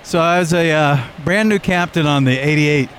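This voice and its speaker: A man who is an airline pilot, telling a story in a relaxed, rambling way with many pauses. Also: on the high side. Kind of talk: casual anecdote.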